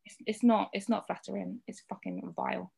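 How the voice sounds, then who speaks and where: A frank woman talks in a casual podcast chat. Her voice has a gravelly, creaky edge, and she swears without holding back. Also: medium pitch, steady tone, a little fast, a little mellow.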